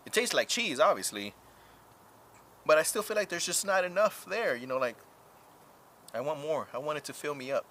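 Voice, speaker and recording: A man's voice: fairly high pitch, sing-song, pushed and bright, a little hiss or hum. A man live-streaming casual chat, talking frankly and profanely, rambling with lots of fillers while answering viewers. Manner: drawn-out filler-heavy talk.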